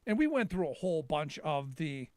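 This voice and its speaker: A man's voice: fairly high pitch, sing-song, normal speed, no echo. A middle-aged man hosting a live call-in talk show, rambling and sarcastic with many restarts.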